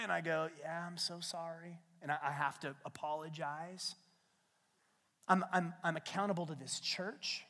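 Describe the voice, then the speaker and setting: A man preaching a sermon as a pastor, retelling scripture as a lively, slangy story. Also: sits high. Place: church sanctuary. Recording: long hall reverb in a church.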